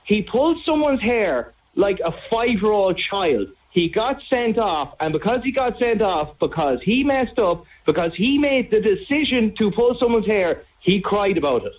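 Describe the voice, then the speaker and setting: A man's voice: sits high, big pitch swings, moderate pace, hardly any pauses, low-quality recording. A man with an Irish accent calling into a radio show, ranting scornfully. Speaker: caller. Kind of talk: phone-in caller.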